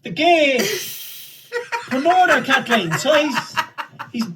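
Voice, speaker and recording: A man's voice: very high voice, expressive, slow. A man in a comedy sketch, rambling crudely and repeating a name over and over. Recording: distant mic with noise.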